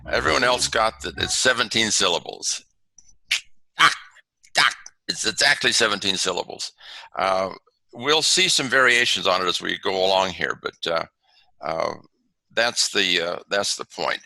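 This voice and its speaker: Over a video call, a man presents a webinar lesson on haiku from slides, talking in halting bursts full of fillers and restarts. His gravelly, bright voice moves a lot in pitch, and the poor audio sounds dry and close with no echo.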